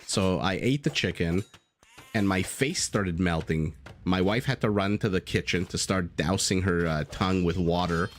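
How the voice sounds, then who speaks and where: A man's voice: deep voice, moderate pace, faint music behind. A man casting a strategy game live, chatting casually with viewers and telling stories as he goes. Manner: chatty, easygoing, swears casually, tells stories.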